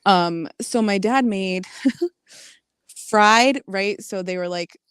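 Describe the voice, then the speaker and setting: Smooth-voiced woman, halting casual talk. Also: medium pitch, a bit bright, dry recording, clean studio sound. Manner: halting, many ums, some swearing. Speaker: guest on stream. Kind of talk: casual chat on stream.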